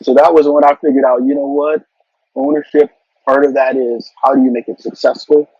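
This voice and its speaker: A middle-aged man speaks in a husky, breathy voice, earnest and advice-giving, and often repeats words as he goes. The sound is dry and dull, like a lo-fi recording. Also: mid-range voice, lively intonation, a little fast, darkish tone, no echo. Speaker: interview guest, corporate marketing executive. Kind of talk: casual conversational interview.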